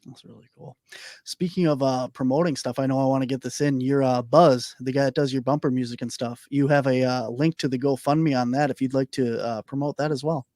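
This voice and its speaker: A man's voice: medium pitch, fairly even intonation, fairly quick, a little mellow, no room sound, studio quality. A man hosting a podcast interview who rambles with many fillers and is losing his voice. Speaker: podcast host. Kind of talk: casual interview chat.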